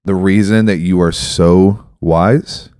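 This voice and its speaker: Low-voiced man explaining on a podcast. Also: steady tone, slow pace, darkish tone, clear, resonant tone, dry recording, studio quality. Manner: reflective, explanatory, storytelling. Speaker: podcast host. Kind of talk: casual podcast conversation.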